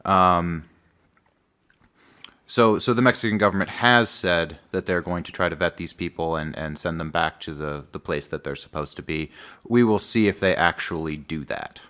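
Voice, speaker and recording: A man with a low voice and a bright, forward edge co-hosts a talk podcast. He explains things at length in casual chat, often pausing on fillers. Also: smooth. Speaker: podcast co-host.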